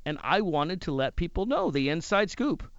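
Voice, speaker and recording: A man who hosts talk radio, telling a personal story in an animated way. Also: on the high side, moderate pace, no room sound, lo-fi sound. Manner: animated, acts out other people's lines.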